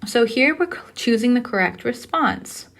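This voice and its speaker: A woman's voice: a little high, animated, moderate pace, a bit bright. A woman teaching a recorded language lesson, explaining step by step in a patient way and often checking in with "okay?". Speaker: Spanish teacher. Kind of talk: recorded lecture.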